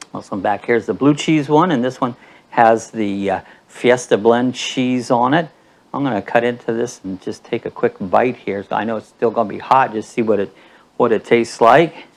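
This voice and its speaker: A man's voice: medium pitch, vocal fry. Chatty male cooking host, everyday mid-range voice, easygoing demo delivery. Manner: chatty, addresses viewers as guys.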